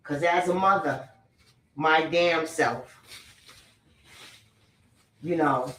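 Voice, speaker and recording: A woman's voice: deep voice, extremely slow, a bit bright. A woman giving a casual, ranting commentary, blunt and profane, hammering her points home by repeating them. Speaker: spiritual messenger and celebrity commentator. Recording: roomy echo, distant from the mic.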